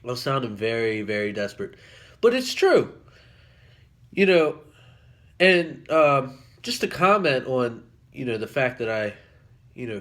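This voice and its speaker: A man's voice: mid-range voice, fairly bright tone. A man talking casually to camera in a vlog, rambling with lots of ums and self-corrections. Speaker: vlogger.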